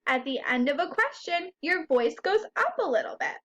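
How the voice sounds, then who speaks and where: In a very high, sing-song voice, a woman leads first graders through phonics, sounding each word out slowly and clearly. She poses questions to the kids as she goes.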